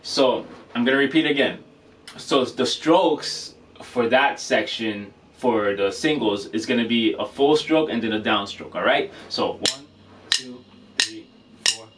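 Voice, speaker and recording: A man's voice: mid-range voice, unhurried, fairly bright tone. A man teaching drum rudiments in a casual, loose way, stopping to correct himself and apologize. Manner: casual, with many fillers and self-corrections, apologetic. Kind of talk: casual instructional demonstration. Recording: voice from a distance with faint noise.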